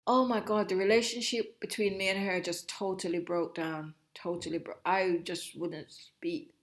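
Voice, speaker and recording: A middle-aged woman from Jamaica, telling her own story as an interview guest in a reflective, halting way, often breaking off and restarting. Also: fairly low pitch, fairly even intonation. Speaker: guest, host's mother. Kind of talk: personal storytelling.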